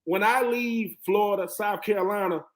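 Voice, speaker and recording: A man in his forties, a former football player on a sports talk panel, telling stories in a lively way and acting out what others said. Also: high-pitched, normal speed. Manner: animated storyteller who acts out quoted voices.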